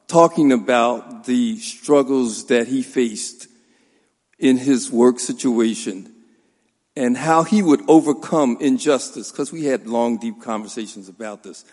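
A man, the son-in-law of the deceased, gives a formal funeral tribute in a church, measured and pausing with fillers. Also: mid-range voice, darkish tone. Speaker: son-in-law giving a eulogy. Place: large church sanctuary. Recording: long hall reverb.

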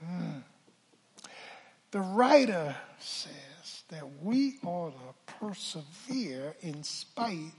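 Older male pastor, raspy and high, preaching with call-and-response in a reverberant sanctuary. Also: big pitch swings, extremely slow. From Philadelphia. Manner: call-and-response preaching, swings from hushed to shouting. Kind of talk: sermon. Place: church sanctuary. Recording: church hall reverb.

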